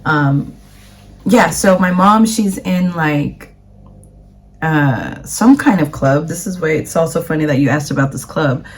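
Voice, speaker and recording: A woman's voice: sits low, unhurried. Chatty woman vlogger, rambling casually. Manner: chatty, rambling, lots of fillers. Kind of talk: casual chat to camera.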